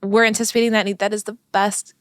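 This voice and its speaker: A woman's voice: mid-range voice, little pitch movement, fast, clean tone, no echo, studio quality. A woman in her thirties, a parenting educator, talking earnestly and passionately on a podcast and often laughing. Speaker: parenting educator and former child therapist. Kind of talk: conversational podcast chat.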